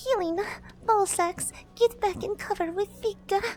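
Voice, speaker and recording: A man's voice: very high voice, moderate pace, darkish tone, soft background music, voice pushed up. A man voicing a blunt female harpy soldier who speaks in clipped, broken phrases. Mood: exasperated.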